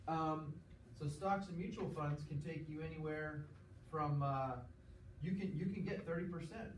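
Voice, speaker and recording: A man's voice: fairly high pitch, normal speed. Man teaching in an echoey classroom. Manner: explanatory, checks in with "okay?", acts out examples. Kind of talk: classroom lecture. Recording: echoey classroom from far off, faint noise.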